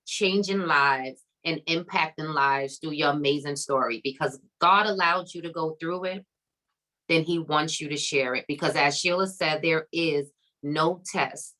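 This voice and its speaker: On poor audio, a woman hosting a summit encourages her live online audience in faith, her voice sitting low and her pace a little slow. She's bright and emphatic, almost preaching, and repeats phrases punctuated by "come on" and "okay."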